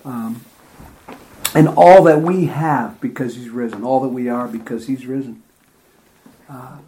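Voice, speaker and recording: A man's voice: medium pitch, a little slow, dark tone. A man giving an informal Bible study talk, enthusiastic and chatty, laughing often as he reads and retells verses. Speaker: Bible teacher.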